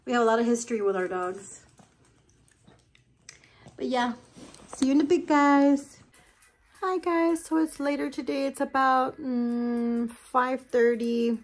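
A woman in her forties talks to her camera at home, chatty and gushing, slipping into fond baby talk with her dogs. Her voice sits a little high and her pace is unhurried and drawn out. The delivery is relaxed, everyday vlog chat. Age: 40s. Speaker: lifestyle vlogger.

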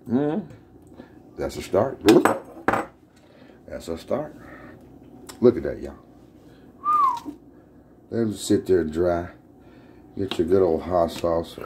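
A man's voice: low voice, darkish tone, a little hiss or hum. A man hosting his own home cooking video, hyped up and talking straight to his viewers in a casual way from his kitchen.

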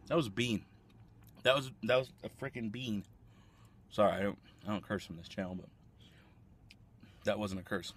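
A man vlogging casually at a fast food restaurant, rambling and talking with his mouth full as he tastes a dessert. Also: lowish voice, fairly even intonation, slightly rough. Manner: chatty, rambling, eating while talking. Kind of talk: casual food-tasting vlog.

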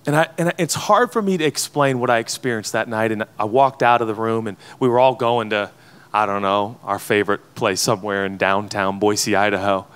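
A man's voice: lowish voice, brisk, fairly bright tone, smooth. A man in his thirties preaching a sermon to pastors, earnest and emotional as he tells a personal story. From United States. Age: 30s. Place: conference hall before an audience of pastors.

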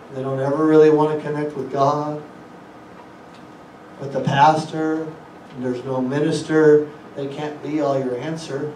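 A man's voice: on the high side, darkish tone, reverberant, distant mic, a little hiss or hum, rough recording. A man preaching a sermon as a guest speaker, asking the congregation rhetorical questions and quoting scripture. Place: church hall.

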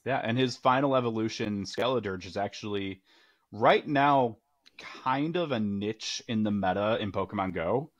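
A man's voice: on the low side, normal speed, dry recording, muffled recording. A man, a teacher, speaking as a podcast guest in an easygoing, hesitant way with many fillers. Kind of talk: casual interview chat.

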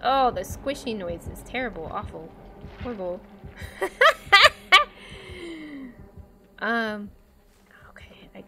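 A woman's voice: medium pitch, moderate pace, a little hiss or hum. A young woman streaming a horror game, giggling and easily spooked as she comments on her play.

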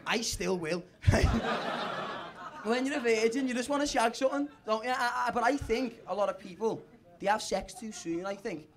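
A young man performs a crude, meandering stand-up bit at a comedy club, speaking at a moderate pace in an extremely high voice. Audience laughter and other noise fill the background of the live recording.

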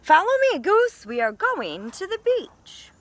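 A woman voicing an eager, adventurous male duck in a children's storybook, with an excited, bouncy delivery. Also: high-pitched, slow pace, a little hiss or hum, voice pushed up, full character voice.

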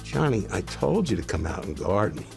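A man narrating a basketball story in a measured documentary style. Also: deep voice, big pitch swings. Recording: narration over clear music.

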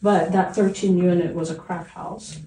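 A woman guest on a podcast shares investing stories with animated energy, acting out the lines she once said. Her voice is mellow and relaxed. She sounds slightly off-mic in a roomy, echoey space. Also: fairly low pitch, moderate pace, far from the mic, slight background noise. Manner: animated storytelling, acts out her own quoted lines. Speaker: real estate investor guest. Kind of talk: casual podcast conversation.

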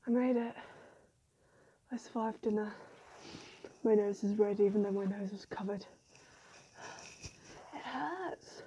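A young woman chatting casually in a vlog, often dropping into a hushed whisper and joking at her own expense. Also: mid-range voice, measured pace, pauses often, very noisy. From United Kingdom. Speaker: vlogger. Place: indoors in a small warm room, then outdoors in snow and wind. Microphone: handheld camera mic.

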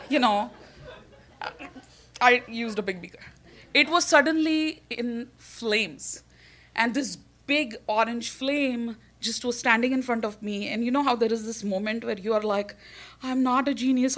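A woman with an Indian accent tells a personal story on stage, her voice fairly high and bright. She is animated and often laughs as she talks.

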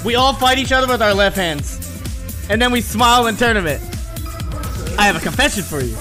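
A man in his thirties streaming, telling stories in casual, profane chat and yelling at the game he plays. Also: high-pitched, brisk, over music. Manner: profane, animated storytelling, yells at the game.

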